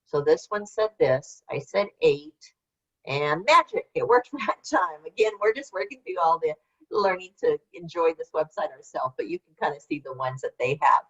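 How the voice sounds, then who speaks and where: An older woman with a low, husky, fairly bright voice speaks expressively at normal speed. She presents an online workshop as a webinar host, rambling casually and answering typed questions along the way. The call audio is lo-fi and slightly dull.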